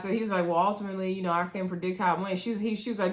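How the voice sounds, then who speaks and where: A woman's voice: mid-range voice, fairly even intonation, racing, hardly any pauses. A woman recapping a reality dating show in a casual, chatty way, with an African American English accent, acting out quotes and talking straight to viewers. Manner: chatty, retells scenes with quoted voices and asides to viewers.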